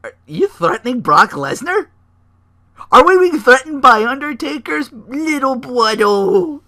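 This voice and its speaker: Impression of an excitable middle-aged wrestling manager, shrill and smug, performed by a man, pitched well above his own voice. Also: measured pace, heavily acted. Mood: mocking. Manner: shrill, mocking and theatrical.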